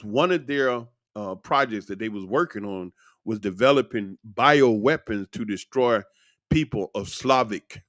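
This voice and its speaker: A man in his sixties delivering a rambling, profane monologue, blunt and animated in bursts. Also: mid-range voice, dry recording, clean studio sound. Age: 60s. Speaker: commentator. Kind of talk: ranting monologue.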